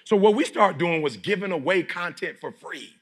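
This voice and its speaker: A middle-aged man from Detroit giving a preachy motivational speech to a live audience, often shouting and leading call-and-response. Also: high-pitched, animated, moderate pace, husky. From Detroit, United States. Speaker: motivational speaker.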